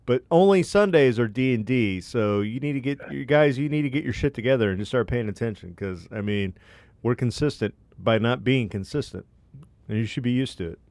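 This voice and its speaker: Casting note: adult man, mid-range voice, relaxed joking podcast co-host, dry close sound. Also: medium pitch, a little fast, no room sound. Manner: relaxed, joking, reads ads with hype. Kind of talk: casual chat.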